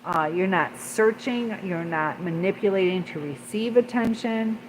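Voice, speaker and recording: A woman's voice: mid-range voice, slight background noise, rough recording. A woman hosting a casual livestream, rambling with many fillers as she reads and answers viewer comments. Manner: rambling, many fillers, pauses to read chat.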